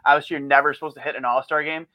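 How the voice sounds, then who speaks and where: A man's voice: on the high side, fairly even intonation, very fast, pushed and bright, dry recording. A man chatting as a podcast guest, telling rambling stories with restarts, swearing and laughter. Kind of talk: casual chat.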